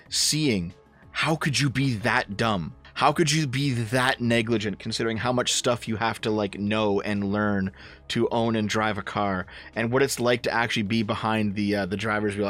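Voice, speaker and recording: A man's voice: lowish voice, normal speed, fairly bright tone. A man in his thirties giving casual, blunt and profane commentary while reacting to video clips. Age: 30s.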